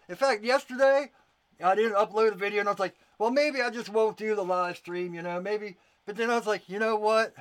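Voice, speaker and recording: High-voiced man chatting on a livestream. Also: a bit bright. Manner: rambling, repeats words, reads and answers viewer comments. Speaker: YouTuber and knife maker hosting a livestream. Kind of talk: casual livestream chat.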